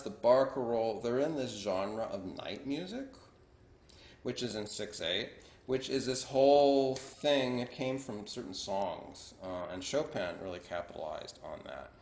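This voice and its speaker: A man's voice: mid-range voice, a little mellow, roomy sound. A man teaching piano, counting beats aloud and asking his students questions. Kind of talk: online music lesson. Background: piano playing.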